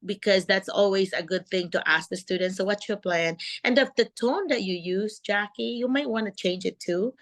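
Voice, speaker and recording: A middle-aged woman, coaching teachers on a video call and acting out a calm classroom voice. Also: mid-range voice, moderate pace, few pauses. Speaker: host and teacher mentor.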